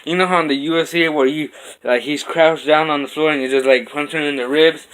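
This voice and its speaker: Young male vlogger, bright voice, animated storyteller, punches out his own sound effects. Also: on the high side, fairly quick, a little hiss or hum. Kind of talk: casual storytelling vlog. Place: home kitchen.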